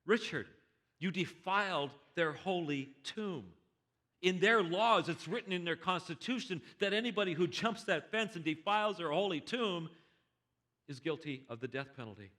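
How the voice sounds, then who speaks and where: A man's voice: high voice, expressive, moderate pace, pushed and bright, voice pushed up. A man voicing an exasperated male diplomat who patiently explains things, with stammered restarts.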